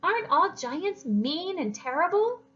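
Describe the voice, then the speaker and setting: A woman's voice: extremely high pitch, very animated, measured pace, fairly bright tone, dull audio, soft background music, voice pushed up, heavily acted. A woman voicing a poor, hungry little boy who apologizes sheepishly and pleads. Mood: pleading.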